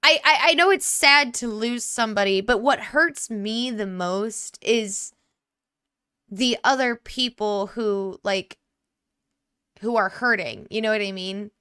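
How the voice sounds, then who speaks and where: A young woman talks through a story game, reading on-screen messages and then chatting about them with lots of "like" and an empathetic tone. Her voice is bright and crisp, recorded close and dry. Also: a little high, slow, dry recording. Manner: chatty, many 'like' fillers, empathetic. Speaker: gaming YouTuber. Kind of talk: let's play commentary, reading game texts aloud.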